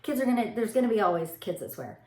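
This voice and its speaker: Animated mom, echoey room. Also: female voice, medium pitch, fast. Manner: animated, laughing storyteller who addresses viewers as y'all. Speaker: mother vlogging about parenting. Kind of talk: casual chatty monologue to camera.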